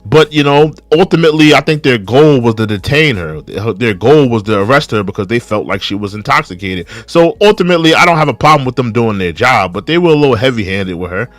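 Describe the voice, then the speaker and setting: A man's voice: medium pitch, lively intonation, fairly quick, few pauses, dry recording, faint music behind. A young man hosting a reaction video, casually commenting on a clip, repeating rhetorical questions and reading viewer comments aloud. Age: young adult.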